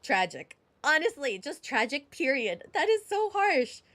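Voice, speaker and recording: A young woman streamer reacting to a game, giggly and animated. Her voice is high and bounces all over, yet her words come slowly and drawn out. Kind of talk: live game reaction, casual.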